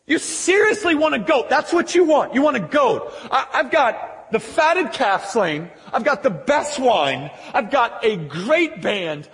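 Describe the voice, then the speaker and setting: A man acting out a loving father who pleads with his grown son, incredulous and emphatic, his voice raised well above his normal speaking pitch. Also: a bit bright, full character voice. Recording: long echoey hall reverb.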